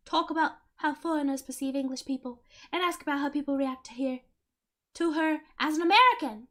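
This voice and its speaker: A woman's voice: sits high, a little fast, fairly bright tone. A woman streamer giving casual, giggly commentary while playing a game, laughing often between remarks.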